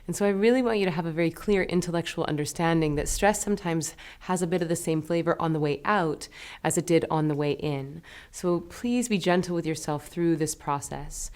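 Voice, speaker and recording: A woman teaching a meditation lesson, talking in a gentle, soothing, unhurried way. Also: on the low side, smooth.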